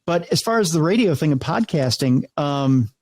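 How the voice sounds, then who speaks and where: In a rough recording with no echo, a middle-aged radio host speaks at a moderate pace in a fairly high voice. He tells stories animatedly during a casual interview, frequently starting over and performing the voices of those he quotes.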